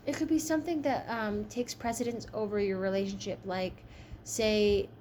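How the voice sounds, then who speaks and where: A woman's voice: medium pitch, fairly even intonation, normal speed, a little mellow, a little hiss or hum. A woman giving a casual tarot reading, chatty and frank, tired from a long shift. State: tired, yawning. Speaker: tarot reader.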